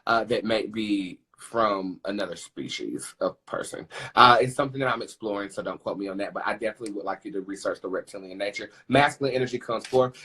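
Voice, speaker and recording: A man giving a casual tarot reading on his vlog, chatty and sassy, with quick asides to his viewers. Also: fairly low pitch, fairly bright tone, husky. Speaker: tarot reader and vlogger.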